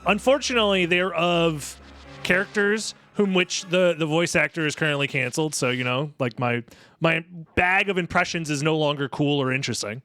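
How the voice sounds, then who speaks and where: A man's voice: a little high, normal speed, sharp tone, dry recording. A young man streaming a video game, chatting casually in a rambling, joking and self-deprecating way, swearing freely. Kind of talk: casual commentary while gaming.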